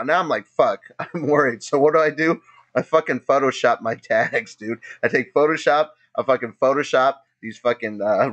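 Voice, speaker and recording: A man's voice: medium pitch, a bit bright. Laughing, profane storytelling man. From Los Angeles area. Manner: laughs often while telling stories, swears a lot. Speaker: podcast host.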